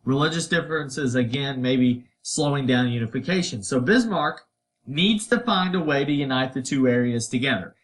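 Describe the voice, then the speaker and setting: A man's voice: medium pitch, animated, moderate pace. A man teaching a history lesson in a casual, conversational way, tossing in playful asides and putting on voices for quotes. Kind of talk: recorded history lecture.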